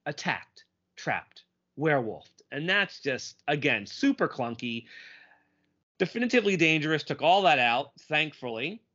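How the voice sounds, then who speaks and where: A man with a bright, fairly high voice talks through a comic with his co-host in a casual chat. He is animated and quick to quip. The sound is dull and lo-fi. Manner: animated, quips and reads lines aloud. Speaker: podcast co-host.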